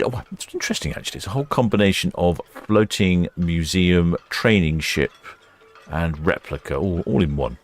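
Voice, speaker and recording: A British man hosting a live ship-watching stream, chatting casually and reading out viewer comments. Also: low voice. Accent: British English. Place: indoors in a warm room by the quay.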